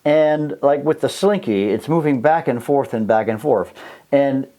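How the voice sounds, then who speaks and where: A middle-aged man teaching a science lesson on video, jokey and animated, sometimes stretching his voice high or low for effect. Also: a little slow.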